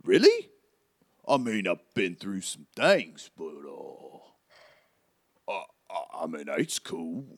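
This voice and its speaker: A bumbling, friendly giant of a groundskeeper, as a man puts him on, loud and stammering. His voice leaps up when he gets excited. A tabletop role-play figure. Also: low voice, takes it slowly, pauses often, full character voice. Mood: flustered.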